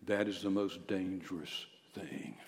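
A man's voice: fairly low pitch, unhurried, slight background noise. Man preaching in a reverberant church. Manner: emphatic, dropping to hushed near-whispers. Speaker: pastor. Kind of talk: sermon. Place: church sanctuary. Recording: long hall reverb.

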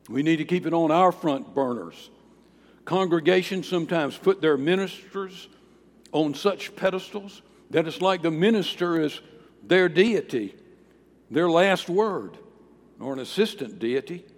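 Man preaching with emphatic swings. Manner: emphatic, with swings in volume and pitch. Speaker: pastor. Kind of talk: sermon. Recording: long reverb of a large hall.

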